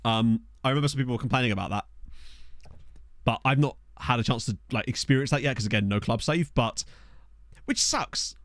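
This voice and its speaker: Talking fairly quickly with frequent pauses, a young Southern English man with a medium-pitched, fairly bright voice plays a game and answers his stream chat. He uses a desk microphone, and there's no room sound.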